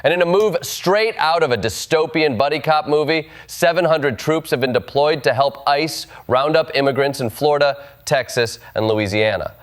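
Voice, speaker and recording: Dry sarcastic satirical news host. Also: male voice, on the high side, moderate pace, hardly any pauses. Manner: dry, sarcastic punchline delivery. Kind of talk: scripted comedic news narration.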